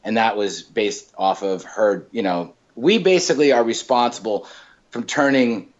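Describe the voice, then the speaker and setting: A male comedian telling stories in a casual chat, talking in quick bursts with lots of fillers and restarts. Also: lowish voice, lo-fi sound. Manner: animated storyteller, many fillers and restarts. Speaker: comedian guest.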